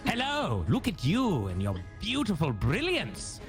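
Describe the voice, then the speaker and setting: A man's voice: high-pitched, huge pitch swings, a little slow, heavily acted. Guy doing a pompous illithid lord, voice swoops way up and down, music under it. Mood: grandiose. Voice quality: theatrical, pompous, swooping delivery. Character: flamboyant Illithid lord hosting, male, grandiose. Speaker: show host in character.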